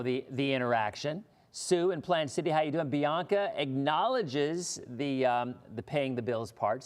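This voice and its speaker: A middle-aged man from Florida hosts a casual weather livestream, chatting with viewers in a relaxed, rambling way and often restarting his sentences. His mid-pitched voice carries a long hall reverb. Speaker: weather broadcaster and livestream host.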